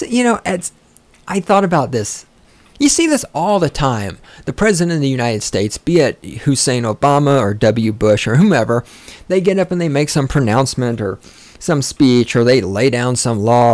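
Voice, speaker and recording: A podcast host with a mid-range, slightly mellow voice rants in a rambling, casual way, full of profanity and sarcasm, and keeps getting sidetracked. The recording is dry.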